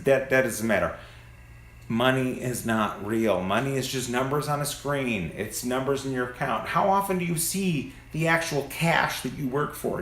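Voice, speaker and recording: A man's voice: mid-range voice, a bit bright, echoey room. A man delivering an angry, profane, preachy monologue, recorded on a phone among parked cars. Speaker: vlogger. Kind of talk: ranting monologue.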